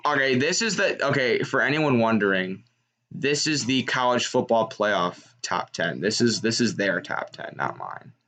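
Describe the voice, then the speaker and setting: Young male streamer, excitable live reaction, bright and animated. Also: medium pitch, normal speed. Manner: excitable, shouts at big plays. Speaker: sports streamer.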